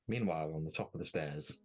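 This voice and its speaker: A man narrating a tabletop game as game master, measured and descriptive. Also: rumbling low.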